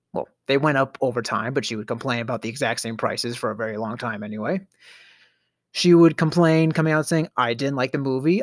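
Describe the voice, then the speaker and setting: A man's voice: mid-range voice, no room sound, clean studio sound. A middle-aged man hosting a podcast, telling a storytelling rant in a theatrical way, with sighs, stammers and sudden whispers. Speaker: podcast host.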